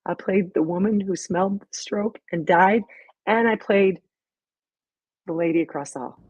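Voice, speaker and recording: A woman's voice: medium pitch, moderate pace, a little mellow, husky, no echo, lo-fi sound. A middle-aged woman hosting a casual live stream about her sketch comedy, telling stories in a chatty, rambling way with lots of fillers. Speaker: sketch comedy creator and host.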